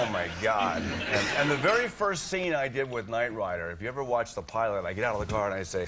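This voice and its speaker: A man, a chat-show guest telling lively anecdotes and acting out scenes. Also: on the low side, fast, few pauses. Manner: animated storyteller, acting out scenes, laughing. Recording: studio audience and noise. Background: studio audience.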